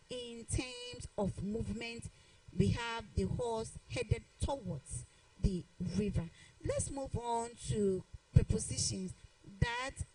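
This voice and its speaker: A woman giving a televised grammar lesson as a teacher, deliberately repeating each example sentence. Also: high-pitched, creaky, a little mellow, poor audio.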